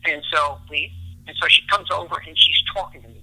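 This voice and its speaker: On a low-quality recording, a man with a slightly high, sharp voice talks fast as a podcast guest. He is a relationship expert, and he makes brain science accessible by drawing on everyday moments from his own life in the interview.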